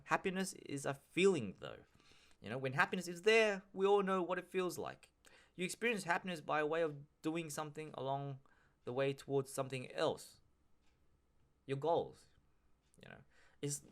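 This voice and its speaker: A man's voice: medium pitch, fairly bright tone. A man hosting a solo podcast, talking casually and rambling with frequent restarts, slang and swearing. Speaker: podcast host.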